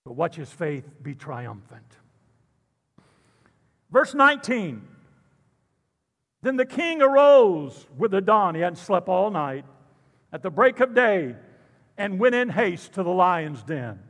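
A man preaching a sermon, animated and jokey, calling out to the congregation. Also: high-pitched, slow, pauses often, big-room sound. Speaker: pastor.

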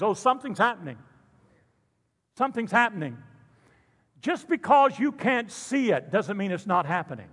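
A man preaching a sermon, animated and jokey, calling out to the congregation. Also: high-pitched, moderate pace, pauses often, husky, long reverb tail. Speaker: pastor.

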